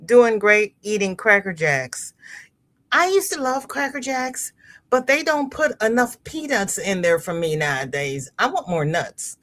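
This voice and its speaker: A woman's voice: medium pitch, expressive, measured pace, a bit bright. A woman hosting a crochet livestream, chatting casually as she reads viewer comments aloud, laughing often and repeating words as she goes. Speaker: livestream host. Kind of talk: casual live chat reading comments.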